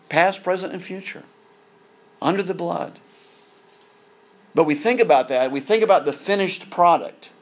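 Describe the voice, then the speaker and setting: A man preaching a sermon in an earnest way, often repeating words as he builds emphasis. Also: on the high side.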